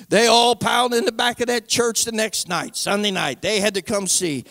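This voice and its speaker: High, gravelly-voiced man testifying. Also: lively intonation, normal speed, hardly any pauses, fairly bright tone, dry recording, studio quality. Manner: emphatic, repeats "I'm telling you"; folksy nonstandard grammar. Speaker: church speaker giving testimony. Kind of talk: personal testimony in church.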